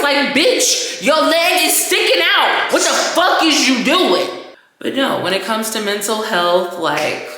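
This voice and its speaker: A podcast host with a mid-range, sharp-toned voice rants candidly on her own show, swearing freely and sounding a little tipsy. The casual monologue is recorded in a roomy, echoey space.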